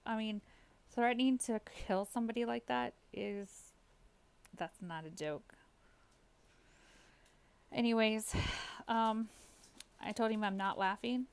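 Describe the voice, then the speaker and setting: Woman with a creaky voice telling a story. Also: medium pitch, measured pace, long pauses. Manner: reads out chat messages, often laughing. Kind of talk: casual storytime vlog.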